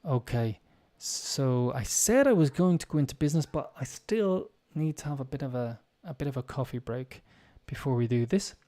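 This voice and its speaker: Relaxed, mellow man chatting to viewers. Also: medium pitch, moderate pace, few pauses. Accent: Irish. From Ireland. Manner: musing, talks directly to viewers. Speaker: English teacher. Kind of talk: live-stream chat.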